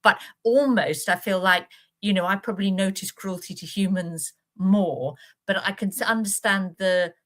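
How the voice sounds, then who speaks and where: A woman's voice: medium pitch, moderate pace, a bit bright. A woman co-hosting a live book club stream, talking casually and hesitantly, with lots of fillers and restarts.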